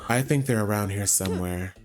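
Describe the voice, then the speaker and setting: A man's voice: fairly low pitch, a little fast. Man reading game lines on stream. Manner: reads lines aloud with light asides. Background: faint game music.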